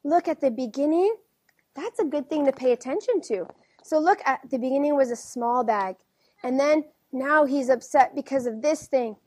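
High-voiced woman teacher reading to kids. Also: normal speed, no echo. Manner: gentle, questioning, keeps checking in with the kids. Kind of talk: reading a picture book aloud to children.

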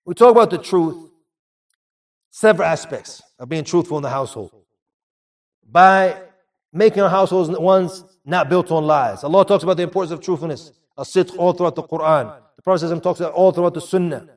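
Guy preaching a sermon, kinda high voice, sounds a bit far from the mic, repeats stuff for emphasis. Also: fast. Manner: earnest, repeats phrases for emphasis.

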